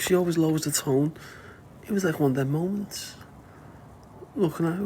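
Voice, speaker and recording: A man's voice: fairly high pitch, normal speed, warm tone, a little hiss or hum. A man with a Liverpool accent chatting casually to viewers on a livestream, rambling, laughing often and swearing freely.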